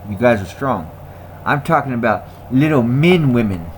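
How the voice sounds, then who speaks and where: A man's voice: mid-range voice, expressive, moderate pace, a little hiss or hum. A man in a casual ranting monologue who repeats himself, laughs often and talks in slang. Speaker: vlogger.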